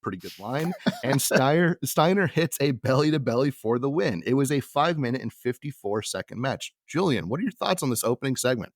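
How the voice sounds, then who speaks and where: A man's voice: mid-range voice, lively intonation, brisk, hardly any pauses, no room sound, clean studio sound. A man hosting a podcast, recapping an old broadcast from notes in an easy, chuckling way between casual opinions. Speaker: podcast host.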